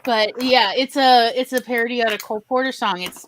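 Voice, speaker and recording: A woman hosting a casual live-stream chat, bubbly and exclamatory and quick to laugh. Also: a little high, fairly even intonation, a bit bright, a little hiss or hum. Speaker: podcast host.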